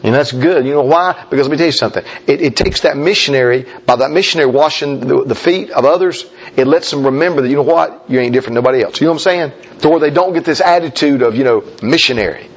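A man's voice: fast talker, slightly rough, dull audio. A man preaching a folksy, emphatic sermon as a pastor, talking straight to his congregation. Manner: folksy, emphatic preaching, mimics objectors in a high voice.

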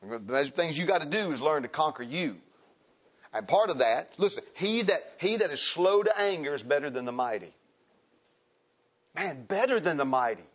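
A man preaching a folksy sermon, acting out the people in his stories. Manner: folksy, animated, acts out quoted people in high voices. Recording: dull lo-fi recording.

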